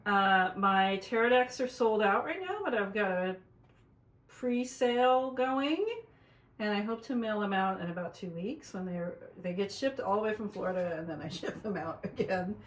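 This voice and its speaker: Calm, affirming woman in a roomy space. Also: mid-range voice, moderate pace. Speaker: therapist and tarot reader co-host. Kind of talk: casual chat. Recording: echoey room.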